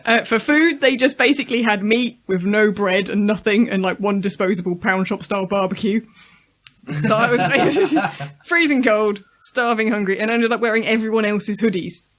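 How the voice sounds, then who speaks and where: A woman's voice: mid-range voice, moderate pace, fairly bright tone. Woman co-host, frank and wry, casual storytelling. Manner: frank, wry storyteller, laughs while telling. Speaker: podcast co-host. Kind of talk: casual chat.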